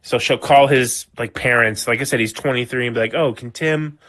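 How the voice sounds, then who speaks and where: A man's voice: medium pitch, fairly even intonation, brisk, fairly bright tone. A man co-hosting a casual podcast, recounting a story at length with lots of "like" and the odd swear word. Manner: rambling storyteller, heavy use of "like", swearing. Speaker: podcast co-host.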